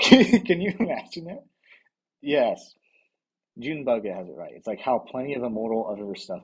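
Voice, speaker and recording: Husky-voiced man rambling on stream. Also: fairly low pitch, low-quality recording. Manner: rambling, laughs often, swears, reads chat aloud. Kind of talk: casual livestream commentary.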